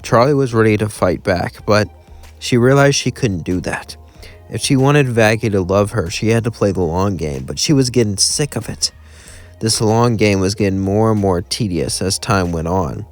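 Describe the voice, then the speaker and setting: A man's voice: on the low side, moderate pace, soft background music. A man casually narrating a fan story in a loose, rambling way.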